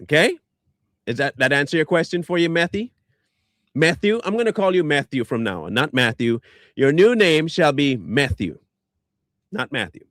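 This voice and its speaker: Man, online commentator, high voice, sarcastic insult-laden rant, dry sound. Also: very animated, moderate pace, fairly bright tone, dry recording. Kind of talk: ranting reply to viewer comments.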